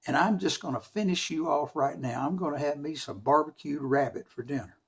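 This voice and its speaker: Brer Fox, a gloating sly fox, voiced by a storyteller. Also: male voice, a little high, brisk, gravelly, voice pushed down. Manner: gloating, taunting.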